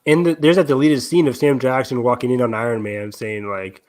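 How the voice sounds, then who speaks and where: A young man co-hosting a podcast, talking in a relaxed, rambling way. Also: medium pitch, fairly quick. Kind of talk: casual chat.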